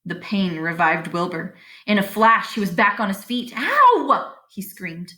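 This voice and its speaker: A woman reads a children's chapter book aloud with lively expression. Now and then she stops to explain the story to young listeners in a teacher-like way. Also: on the low side, normal speed.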